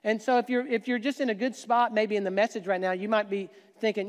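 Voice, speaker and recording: A man's voice: sits high, level tone, fast. A man giving a conversational sermon as pastor, joking asides to the congregation. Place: church sanctuary. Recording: long church hall reverb.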